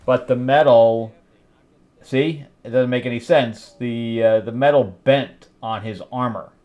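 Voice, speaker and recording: A man's voice: mid-range voice, steady tone, measured pace, highs cut off. A middle-aged man hosting a comic review show, recapping an issue in a loose, rambling way, chuckling at his own asides with lots of fillers. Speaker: comic book review host. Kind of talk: casual solo recap.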